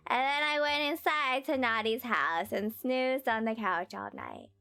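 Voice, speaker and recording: A woman puts on a goofy nerdy voice for a wrinkly hooved party animal in a cartoon game. The voice is nasal and nerdy, rises and falls a lot, and sits fairly high. Soft game music plays behind. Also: lively intonation, measured pace, creaky, clear, resonant tone, full character voice.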